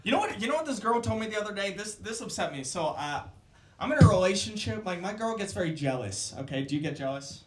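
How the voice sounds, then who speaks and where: A man's voice: high voice, sing-song. A man doing a crude, brash stand-up set with crowd work on a club stage. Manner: brash, crude, quick jokes. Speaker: stand-up comedian. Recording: roomy club sound.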